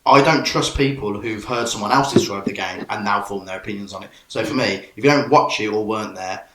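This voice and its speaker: Bright-voiced jokey man in echoey room. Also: lowish voice, fairly quick, a little hiss or hum. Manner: jokey, laughs often. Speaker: podcast co-host. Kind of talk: casual chat.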